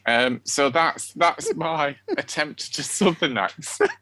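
A man's voice: on the high side, huge pitch swings, takes it slowly, heavy background noise. A man with a Sheffield accent co-hosting a podcast, chatting casually and giggling as he rambles. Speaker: podcast co-host. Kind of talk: casual chat.

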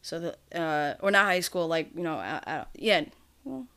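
Over a remote video call mic, a podcast co-host chats casually in a low voice that's bright, forceful, and clean, with lively intonation at normal speed. She rambles, curses, and laughs a lot.

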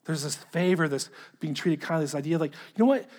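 A man preaching a sermon in an earnest manner, often restarting phrases to press a point and sinking to a hushed tone at the ends of thoughts. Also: on the high side, fast. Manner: earnest, repeats words and restarts when stressing a point. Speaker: pastor. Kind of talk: sermon reading a letter aloud.

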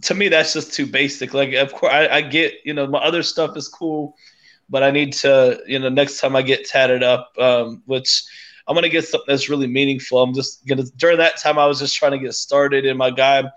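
A man's voice: mid-range voice, fairly even intonation, brisk, fairly bright tone. A man chatting casually as a podcast guest, hesitant and full of fillers and restarts. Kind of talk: casual chat.

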